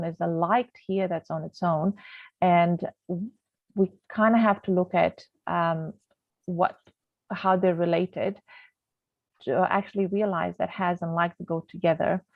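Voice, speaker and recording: A woman's voice: fairly low pitch, gravelly, dry recording. A woman teaching a grammar lesson over slides in a chatty way, with many ums, sometimes losing her thread. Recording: tinny phone-like, dry sound.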